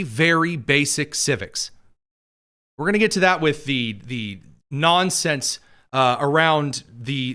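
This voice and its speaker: A man's voice: mid-range voice, smooth. A man hosting a political commentary show, mocking and sarcastic as he reacts to clips. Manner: sarcastic and mocking, lively delivery.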